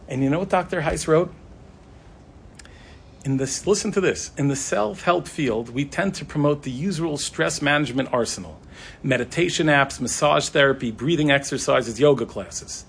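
A man's voice: on the high side, animated, moderate pace, gravelly, slight background noise. A man, a rabbi, giving a sermon full of stories, acting out the quoted voices. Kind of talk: sermon with storytelling.

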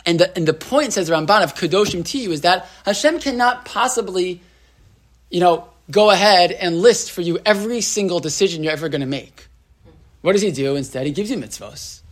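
A male rabbi leads a relaxed Torah class, talking the way people talk in a room. He keeps asking his listeners "right?" and restarts his sentences. He drops Hebrew terms into his English. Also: high-pitched. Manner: chatty, asks the room "right?", lots of restarts and "like".

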